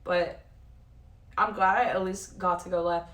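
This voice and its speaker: A young woman livestreamer rambles through a chat full of swearing and a constant filler "like," her voice worn thin as she loses it. She sounds low, steady, unhurried, and a bit bright, sitting far back from the mic.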